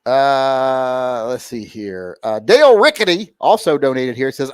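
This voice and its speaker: With a medium-pitched voice that swings widely up and down, a man hosts a laid-back livestream, joking through viewer super chats and rambling with many fillers. He talks a little slowly but with few pauses. The tone is clean, studio-quality, with no room sound.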